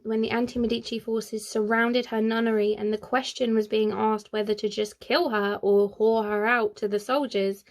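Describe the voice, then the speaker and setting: A woman who hosts a history channel, telling history in a casual, chatty way with playful asides. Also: a little high. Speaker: history YouTuber.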